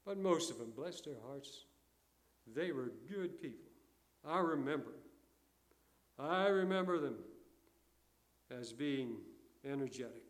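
An older man preaching a sermon in a folksy storytelling way, alternating loud emphasis with quiet asides. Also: mid-range voice, animated, slow, pauses often. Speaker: pastor.

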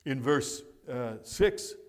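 A man's voice: mid-range voice, lively intonation, slow. Emphatic preacher man in echoing hall. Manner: emphatic, repeats key words. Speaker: pastor. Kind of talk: sermon. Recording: long reverb of a large hall.

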